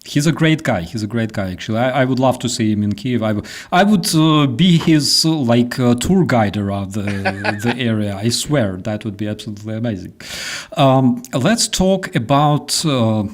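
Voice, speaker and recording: A man from Ukraine hosting a casual chat, animated and swearing in quick bursts. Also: mid-range voice. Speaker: host.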